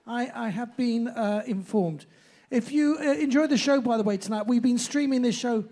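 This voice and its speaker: High-voiced chatty man announcing on stage. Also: normal speed. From southern England. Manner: rambling, chatty, with restarts and loud announcements. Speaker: host of a pub live music night. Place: pub music venue.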